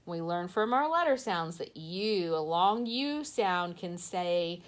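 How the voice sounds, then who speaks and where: A woman teacher walking young children through a phonics worksheet, sounding out letters slowly and patiently while she tips her camera toward the page. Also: fairly low pitch, lively intonation. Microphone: handheld phone or camera tipped toward a worksheet.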